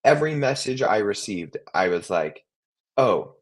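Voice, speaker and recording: Husky young man chatting casually. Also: fairly low pitch, lively intonation, moderate pace. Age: 20s. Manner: rambling, many restarts and fillers. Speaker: co-host. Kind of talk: casual chat.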